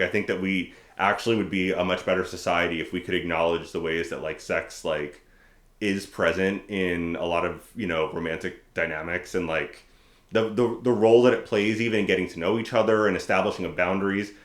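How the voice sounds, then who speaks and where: Low-voiced man chatting in a roomy echo. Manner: animated storytelling with quick mock voices. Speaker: podcast co-host. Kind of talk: casual chat. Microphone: desk microphone.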